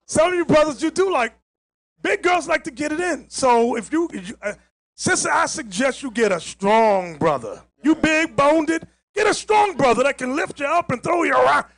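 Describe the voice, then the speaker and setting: A man's voice: extremely high pitch, lively intonation, moderate pace, a bit bright. A man giving emphatic commentary on a played clip, often stopping it to lecture.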